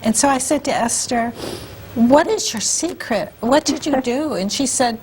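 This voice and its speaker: A woman hosting an interview, asking gentle questions and telling a story of her own. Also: high voice, normal speed, slight background noise, poor audio. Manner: gentle, encouraging questions and backchannels. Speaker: host.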